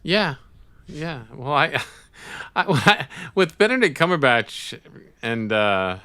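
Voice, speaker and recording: Smooth-voiced man hosting a film podcast. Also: a little high, very animated, slow, bright, forceful tone, no room sound. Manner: steers the talk, calls on each guest by name. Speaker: podcast host. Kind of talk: casual film discussion.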